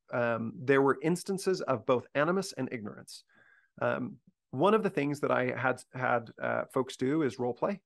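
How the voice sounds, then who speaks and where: A man briefing university faculty in a conversational discussion, earnest and thinking aloud with frequent restarts. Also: mid-range voice.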